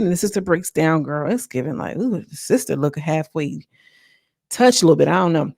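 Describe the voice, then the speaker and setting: A woman's voice: low-pitched, a little fast, vocal fry, darkish tone, no room sound, studio quality. A woman reviewing a reality TV show in a casual, chatty recap, talking straight to her viewers. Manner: chatty, talks straight to viewers, acts out quotes.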